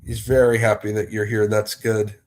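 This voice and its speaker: A man's voice: fairly low pitch, little pitch movement, moderate pace, a little mellow. A man hosting a casual livestream, rambling and greeting viewers as they arrive. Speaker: livestream host.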